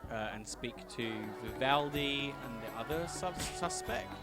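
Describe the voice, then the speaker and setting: Lively guy chatting through his game run, game music playing under him. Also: mid-range voice, measured pace, creaky. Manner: chatty, thinking aloud, laughs often. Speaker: let's play host. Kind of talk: casual gameplay commentary.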